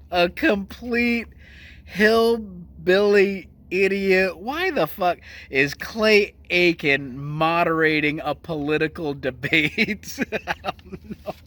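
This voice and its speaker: A man's voice: sits high, sharp tone. A male host doing casual, profane, sarcastic commentary on news clips.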